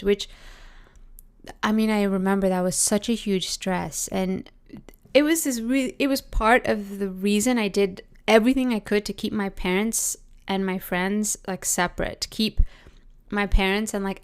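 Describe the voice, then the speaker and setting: A young adult woman with a Canadian accent hosting a reflective solo podcast, musing aloud with many "like"s, restarts and soft laughs. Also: medium pitch, clear, resonant tone. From Britain. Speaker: podcast host.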